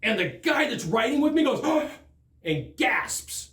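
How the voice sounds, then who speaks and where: A man giving a sales training talk, telling stories from the field in an animated, emphatic way. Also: very high voice, normal speed, reverberant.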